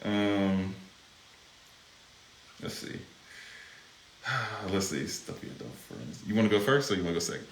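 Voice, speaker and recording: A man in casual live-stream chat, joking and animated as he runs a quiz game. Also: deep voice, measured pace, vocal fry, pauses often. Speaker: vlogger co-host, quiz asker. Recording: echoey room with faint noise.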